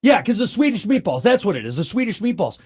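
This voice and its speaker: A man co-hosting a podcast, chatting casually and riffing with animated emphasis. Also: high-pitched, quick pace, breathy edge. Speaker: podcast co-host. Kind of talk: casual chat.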